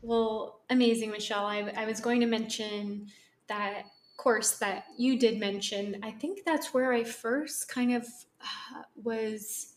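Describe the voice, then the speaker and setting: A woman's voice: a little high, roomy sound, far from the mic. A woman podcast host interviewing a guest in casual chat, emphatic and appreciative, with some repeated starts.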